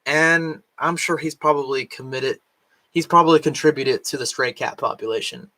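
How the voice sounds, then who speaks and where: A man's voice: on the high side, moderate pace, bright, forceful tone. A man vlogging casually at home with a rambling, filler-heavy way of talking, his voice still worn from recently losing it. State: recovering from lost voice, can't reach high notes. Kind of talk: casual chat. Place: home, cat nearby.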